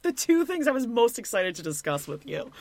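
A woman's voice: on the high side, very animated, fairly quick, darkish tone, no echo. A young woman co-hosting a casual recap chat, sarcastic and blunt, with lots of "like" and swearing. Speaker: podcast co-host.

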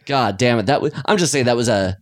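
Brief: chatty male podcast co-host, animated and rambling, dry booth sound. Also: fast talker, dry recording. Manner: excitable, animated rambling with pitch jumps. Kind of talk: casual film review chat.

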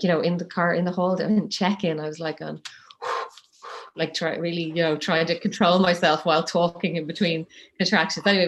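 This is a woman in her thirties with a voice lower than most. She tells her story in a loose, chatty way, acting out what people said and laughing along the way. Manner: chatty, laughs often, acts out quotes. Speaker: guest telling her birth story. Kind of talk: casual storytelling.

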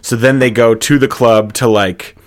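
A man's voice: mid-range voice, steady tone, moderate pace. A man in casual improvised comedy chat, brainstorming a movie plot in a rambling, chatty way and laughing easily.

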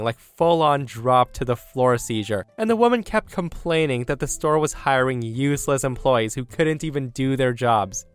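Male podcast host, middle pitch, smooth voice, animated Reddit storyteller. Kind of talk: reading Reddit stories aloud. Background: faint background music.

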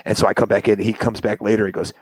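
A young man telling a long casual story over a call, acting out the quotes with sudden high voices. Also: racing, slightly rough, no room sound, low-quality recording. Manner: animated, acts out quotes with big jumps in pitch. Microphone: remote call audio.

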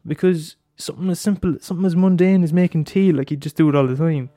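A man's voice: a little high, fast talker, mellow, no echo, clean studio sound. Rambling, swearing man. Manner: rambling, swears a lot, many restarts. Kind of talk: casual monologue.

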